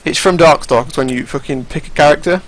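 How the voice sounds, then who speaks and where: A young man with a slightly high voice talks fast on a low-quality recording, giving casual commentary over fighting game footage. He rambles, curses, and frequently restarts his sentences.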